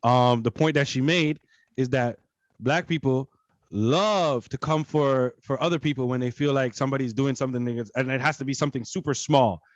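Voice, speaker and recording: A man's voice: mid-range voice, normal speed, dry recording, lo-fi sound. A man co-hosting a casual podcast, with blunt, joking commentary. His voice sits mid-range and is recorded dry and close. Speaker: podcast co-host.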